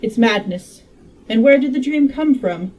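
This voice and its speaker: A woman's voice: mid-range voice, fairly quick, mellow, far from the mic, close to an everyday voice, poor audio. A woman reading aloud, voicing an agitated Victorian male inventor with an urgent, insistent delivery.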